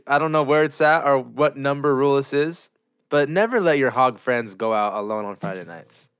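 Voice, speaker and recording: A man's voice: medium pitch, moderate pace, a bit bright, clean tone. A man co-hosting a podcast, joking and swearing in casual banter. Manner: joking, swearing, laughs often. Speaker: podcast co-host.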